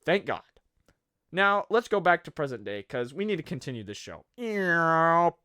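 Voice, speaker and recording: Man, comedic narration, sarcastic, rambling asides, animated swooping pitch, dry close sound. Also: moderate pace, smooth, dry recording. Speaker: video host.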